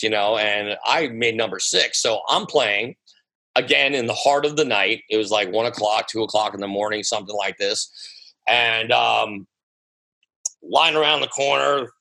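American man, guest DJ, New sound, bright voice, animated storyteller who swears freely, casual interview telling. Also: mid-range voice, rough recording. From United States. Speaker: guest DJ and producer.

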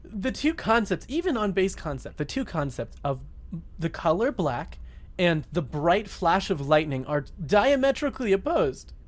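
Rambling, laughing man with a lively voice. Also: high-pitched, measured pace. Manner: rambling, laughs often, acts out quotes. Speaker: podcast co-host. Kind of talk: casual comedic movie chat.

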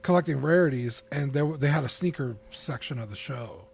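A man talking casually as a podcast guest, telling stories in a chatty, animated way. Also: mid-range voice, a little fast, gravelly, slight background noise. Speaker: podcast guest and network co-creator.

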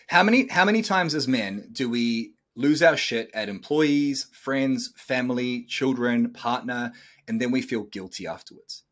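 A man's voice: mid-range voice, lively intonation, unhurried, a bit bright. Blunt, swearing male podcast host. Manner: blunt, swears freely, coaching tone. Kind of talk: casual podcast talk.

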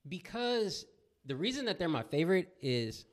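A man's voice: sits high, sing-song, moderate pace. A young man who works with kids at a clinic, chatting casually and earnestly, often repeating himself. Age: young adult. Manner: earnest, repeats phrases, frank. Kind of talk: casual chat.

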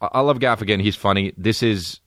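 A man's voice: on the low side, brisk, a bit bright, no echo, clean studio sound. A man co-hosting a podcast, chatting casually and profanely while breaking down a movie trailer with silly impressions. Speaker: podcast co-host. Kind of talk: casual comedic chat.

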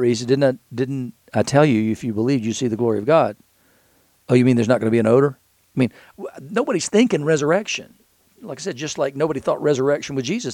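A man's voice: medium pitch, a little mellow, no room sound. A man teaching scripture in a conversational way, thinking aloud with frequent restarts and repeated words.

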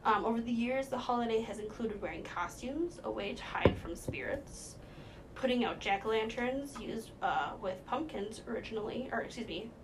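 Giggly young woman, higher voice. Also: normal speed, background noise. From Minnesota. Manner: giggly, rambling, lots of fillers. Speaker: podcast co-host. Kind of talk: casual storytelling chat.

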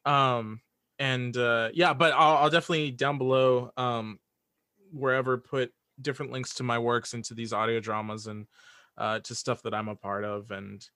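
Bright-voiced stammering male guest. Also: mid-range voice, level tone, normal speed, no echo, studio quality. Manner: hesitant, many restarts and fillers. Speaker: guest, audio drama writer. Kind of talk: casual chat.

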